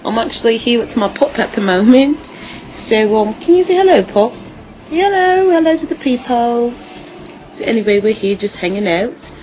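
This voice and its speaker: A woman's voice: fairly high pitch, sing-song, normal speed, darkish tone, soft background music, poor audio. A woman putting on a chirpy British accent. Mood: cheerful. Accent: put-on British. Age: 20s. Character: chirpy young British woman with her dog. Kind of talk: accent demo reel.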